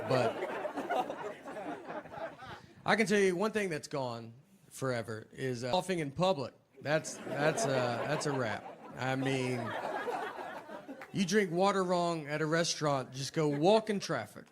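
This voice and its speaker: A man with a Tennessee accent telling stand-up stories in a deadpan, understated drawl with frequent filler words. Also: a little high, unhurried, pauses often, a loud crowd, heavy background noise. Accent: Southern US, Tennessee. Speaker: stand-up comedian. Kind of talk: stand-up comedy storytelling.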